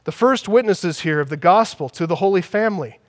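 A man's voice: high-pitched, animated, fairly quick. A man preaching a sermon as pastor, emphatic, building his points through repetition. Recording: long hall reverb.

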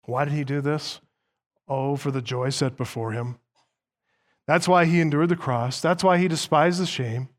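A man with a somewhat high voice preaches a sermon as pastor, with emphatic delivery. He moves through scripture point by point, explains each passage, and slows down to stress the important words.

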